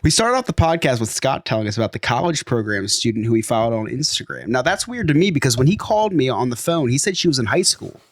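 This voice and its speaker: A man's voice: medium pitch, very animated, fast, few pauses, no echo, studio quality. A middle-aged man co-hosting a podcast, cracking jokes and laughing through his own punchlines in casual chat. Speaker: podcast co-host. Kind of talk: casual chat and comedic episode recap.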